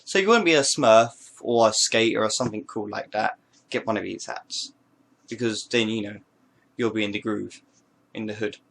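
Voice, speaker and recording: Showing off his hats to the camera, this man, a vlogger, keeps things casual with playful jokes and rambling asides. He speaks at a moderate pace in a lowish, gravelly voice that's slightly bright.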